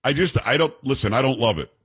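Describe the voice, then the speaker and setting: Fast-talking blunt talk radio man. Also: mid-range voice, animated, fairly bright tone, slightly rough. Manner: rapid, blunt, conversational. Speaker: radio talk show host. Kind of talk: opinionated talk radio monologue.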